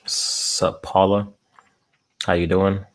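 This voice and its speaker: Speaking slowly and flatly in a deep voice, a man hosts a laid-back eating live stream from his air-conditioned room at home. He greets chat viewers and chuckles often, close to his desk mic.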